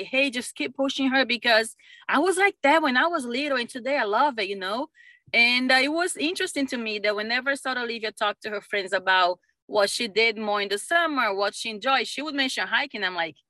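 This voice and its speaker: A middle-aged woman, a mother, telling stories in a casual conversation, animated and laughing often. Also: on the high side, brisk, no room sound. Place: lives in Utah.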